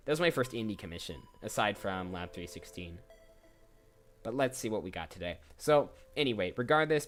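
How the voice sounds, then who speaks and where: With a lowish, somewhat bright voice, a voice actor chats on his livestream. As he browses he thinks out loud and keeps restarting sentences, with music playing faintly underneath.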